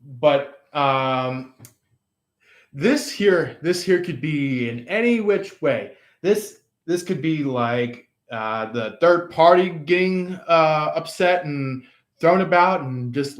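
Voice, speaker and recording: Man, casual tarot reading, slow drawl, lots of ums, roomy echo. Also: fairly high pitch. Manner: rambling, halting, full of fillers. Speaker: tarot reader.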